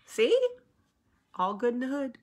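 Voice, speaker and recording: A woman's voice: a little high, unhurried. A woman host in her thirties, coming down with a cold, talking bluntly and acting out quoted voices in casual chat.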